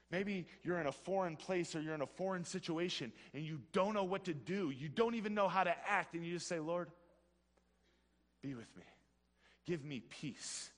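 An earnest man gives a devotional talk, telling a personal story. He swings between hushed, quiet moments and excited bursts. His voice sits a little high and rings with long reverb. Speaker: speaker at a Christian health ministry.

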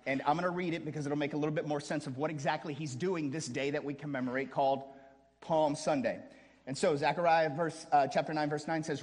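A man preaching with dramatic swings, hushed one moment and shouting the next, with easy joking asides along the way. His voice sits a bit high. The sound rings with the long reverb of a large hall. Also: steady tone, fast. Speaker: pastor. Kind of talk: sermon.

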